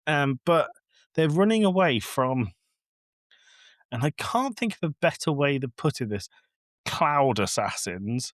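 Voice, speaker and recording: A man's voice: on the high side, expressive, unhurried, long pauses, no echo, studio quality. A man co-hosting a podcast, ranting in a casual, exasperated way and acting out scenes. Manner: exasperated, ranting, acts out lines from the film. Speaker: podcast co-host. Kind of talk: casual film review chat.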